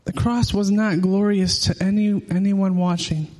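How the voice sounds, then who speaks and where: Earnest high-voiced man preaching. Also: steady tone, normal speed, a little mellow. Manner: earnest, repeats words when searching for them. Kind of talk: sermon.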